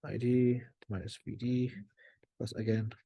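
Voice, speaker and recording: A young man talks through a circuit problem step by step, pausing on fillers and correcting himself as he goes. His voice is mellow and a little husky. It is recorded close and dry, with no room sound. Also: medium pitch, flat delivery, dry recording. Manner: thinking aloud with frequent fillers and self-corrections. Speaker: tutor.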